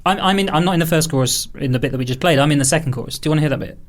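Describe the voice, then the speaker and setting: A man's voice: fairly high pitch, rapid-fire. A man co-hosting a podcast, chatting in an eager, pushy and playful way. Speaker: podcast co-host. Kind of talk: casual chat.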